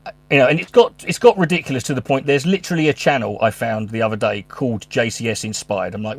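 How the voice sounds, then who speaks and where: A man's voice: mid-range voice, quick pace, gravelly. A man, a stand-up comedian, talking casually at home in a rambling, sweary, stop-start way. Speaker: stand-up comedian and channel host. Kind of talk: casual monologue. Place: his room at home.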